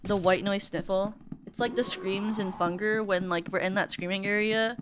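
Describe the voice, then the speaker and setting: A young woman streaming a game, chatting casually and mocking herself, with a sniffly nose and sudden excited shrieks. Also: mid-range voice, normal speed, hardly any pauses. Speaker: VTuber streamer. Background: game music.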